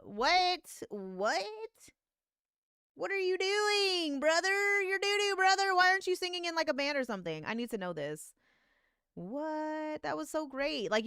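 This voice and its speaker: A woman hosting a live music review stream, talking casually with excitement, swearing and laughing often. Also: medium pitch, clean tone, no echo, clean studio sound.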